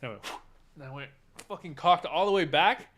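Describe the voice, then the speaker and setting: A man's voice: fairly high pitch, fairly quick, fairly bright tone. A man co-hosting a podcast in loose, casual chat. He laughs easily, swears in passing and often leaves his sentences hanging. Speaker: podcast co-host.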